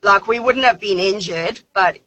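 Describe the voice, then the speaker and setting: A woman's voice: mid-range voice, moderate pace, a bit bright, highs cut off. A woman, calling in to tell a personal story in a chatty way with many fillers. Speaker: caller. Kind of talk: telling a personal story on radio.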